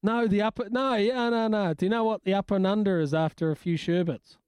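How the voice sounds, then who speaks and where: A New man hosting a breakfast radio show, cracking jokes and rambling between laughs. His voice sits a little high for a man and is close and dry in the studio, with no room sound. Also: a little fast, a little mellow, smooth, dry recording. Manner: jokey, rambling, laughs often. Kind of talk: casual breakfast radio banter.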